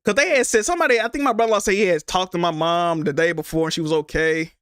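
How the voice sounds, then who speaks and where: A man's voice: high-pitched, quick pace, fairly bright tone, clear, resonant tone, dry recording, studio quality. A man streaming, telling a personal story in a rambling, casual way, restarting and repeating himself and swearing freely.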